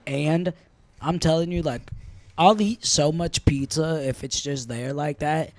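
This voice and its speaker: High-voiced man telling a profane story. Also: a little slow, darkish tone, no echo. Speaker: podcast host. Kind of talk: casual chat, storytelling.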